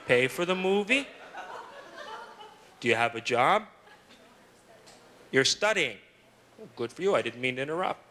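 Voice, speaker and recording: A man's voice: medium pitch, very animated, unhurried, long pauses. A middle-aged man hosting stand-up, bantering with the audience in a teasing, sarcastic way. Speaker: stand-up comedian host. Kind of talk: live stand-up crowd work. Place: comedy club stage with live audience. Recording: loud live crowd laughter and noise. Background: audience laughing.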